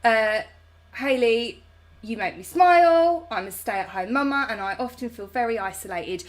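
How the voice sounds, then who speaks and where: A woman in her thirties from South London, with a London English accent, hosts a chatty live stream and reads viewer comments aloud. Her voice is a little high with lively intonation at a normal speed, and she's affectionate, calling viewers babe and darling.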